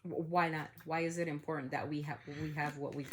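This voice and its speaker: A woman's voice: sits low, fairly even intonation, fairly quick. A woman hosting a family podcast, talking in a heated, outspoken way and swearing freely. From United States. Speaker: podcast host. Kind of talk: casual opinion talk.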